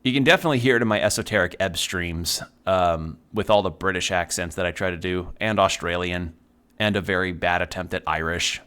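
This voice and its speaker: A deep-voiced man talks loosely as he plays a video game on stream. He drifts from thought to thought in relaxed, chatty asides and swears now and then without much weight behind it. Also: fairly quick, smooth. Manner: rambling, chatty, swears casually. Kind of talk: casual chat while playing a video game.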